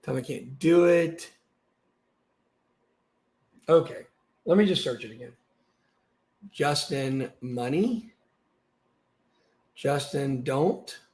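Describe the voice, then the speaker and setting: A man hosting his channel, giving ranting commentary while reading through documents, swearing and swinging from muttering to shouting. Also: medium pitch, slow pace, pauses often. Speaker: channel host.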